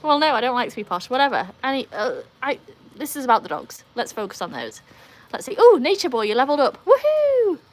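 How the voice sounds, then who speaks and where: A woman hosting a live stream talks fast and very animatedly, her voice a little high and a bit bright. She's from North Yorkshire, England, speaks with a Yorkshire accent, and keeps the chat casual with wry jabs at herself.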